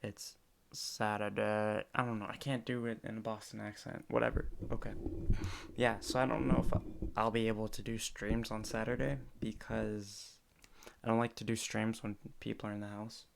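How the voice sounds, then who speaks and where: A man with a fairly low, gravelly voice talks loosely on a home livestream. He rambles, backtracks and corrects himself, tossing in little jokes. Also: level tone, normal speed. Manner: rambling, self-correcting, jokey. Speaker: podcaster streaming live. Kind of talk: casual solo livestream chat. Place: room at home.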